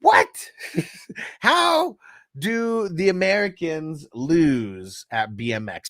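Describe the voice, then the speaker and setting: A man hosts a casual fantasy football livestream, joking and swearing as he reads chat comments aloud. He is animated and profane and laughs often while doing so. His voice is on the high side and very slow, recorded in studio quality with no echo.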